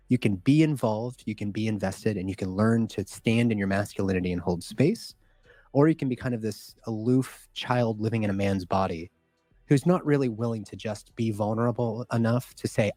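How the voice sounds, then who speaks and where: A man's voice: fairly low pitch, a little mellow, no room sound. A man speaking as a guest doctor on a podcast, earnest and reflective, stressing points by repeating words. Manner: earnest, reflective, emphatic repetition. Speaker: guest OB-GYN. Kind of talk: podcast interview.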